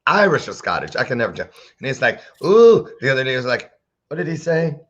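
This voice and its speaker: Male talk show host, playful preacher-ish banter, animated pitch, muffled lo-fi call audio. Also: quick pace. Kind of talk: casual interview chat. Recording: dull lo-fi sound.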